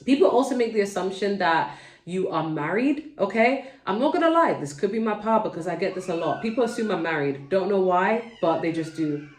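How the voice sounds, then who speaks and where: Speaking straight to her viewers, a London-accented woman gives a chatty, digressive tarot reading at home. Her mid-range voice is expressive and brisk, and the sound is roomy, picked up far from the mic.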